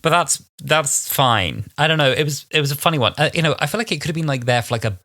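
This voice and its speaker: A man's voice: on the high side, fast, dry recording, clean studio sound. A man in his twenties co-hosting a podcast, chatting casually and acting out his own reactions with lots of fillers. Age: 20s. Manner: animated, full of fillers and acted-out reactions. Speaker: podcast co-host. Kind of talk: casual chat.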